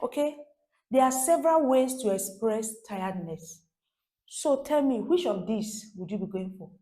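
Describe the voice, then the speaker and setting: A woman's voice: fairly high pitch, expressive, normal speed, warm tone. A woman teaching a French lesson for beginners, repeating phrases and asking her viewers rhetorical questions.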